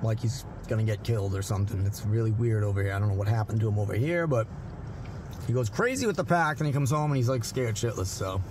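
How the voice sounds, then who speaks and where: A dog trainer from Massachusetts chatting casually through a vlog, breaking into a high baby voice to talk to the dogs. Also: male voice, quick pace, noisy background. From Massachusetts, USA.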